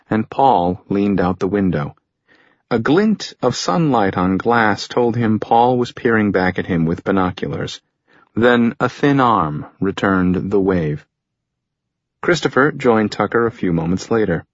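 A man reads a thriller audiobook in a steady, even storytelling manner. His voice sits low and sounds a little husky. The recording is dry and dull, with a lo-fi edge. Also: no room sound. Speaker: audiobook narrator. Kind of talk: scripted narration.

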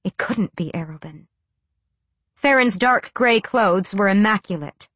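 A woman's voice: mid-range voice, animated, a little slow, a bit bright, husky, no room sound. A woman narrating a fantasy audiobook with a dramatic, tense delivery.

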